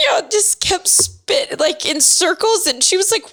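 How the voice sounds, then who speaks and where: A young woman co-hosting a casual chat show, telling animated stories, laughing often and acting out what people said. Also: extremely high pitch, measured pace, hardly any pauses. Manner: animated storyteller, laughs often, acts out quotes. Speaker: podcast co-host.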